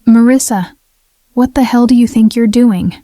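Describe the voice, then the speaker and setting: A woman's voice: mid-range voice, level tone, a little slow, mellow, no echo, close to an everyday voice. A woman reading as a bullying male diner manager, snapping, hostile, dry sound. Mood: angry.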